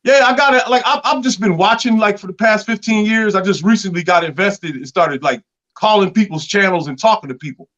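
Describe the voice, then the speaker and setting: A man calling into a podcast, talking casually with halting restarts and constant slang fillers. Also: high voice, a bit bright, muffled recording. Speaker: caller. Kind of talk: casual call-in chat.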